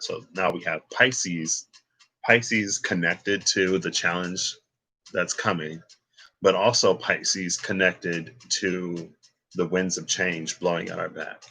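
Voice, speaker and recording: A man's voice: deep voice, bright, forceful tone, slightly rough, poor audio. A man giving a casual, rambling tarot reading, thinking aloud with asides and bursts of laughter. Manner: laughs and exclaims between points. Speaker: tarot reader.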